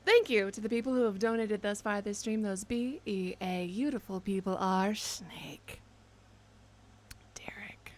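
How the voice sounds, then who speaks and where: A woman in her twenties chatting casually to her live-stream audience, rambling and self-mocking, with sudden loud excited bursts. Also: medium pitch, moderate pace, few pauses, a little hiss or hum. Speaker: game streamer. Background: faint background music.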